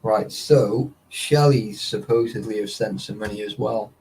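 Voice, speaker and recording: A man's voice: fairly low pitch, unhurried, darkish tone, breathy edge, low-quality recording. Laddish man chatting on a live stream. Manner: laddish, swears a lot, laughs often. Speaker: livestream host. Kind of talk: casual live-stream chat.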